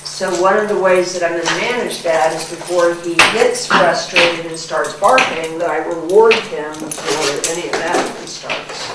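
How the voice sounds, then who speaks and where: Dog trainer woman, firm then soft praise. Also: lowish voice, normal speed, hardly any pauses. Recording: echoey room, distant mic, loud noise.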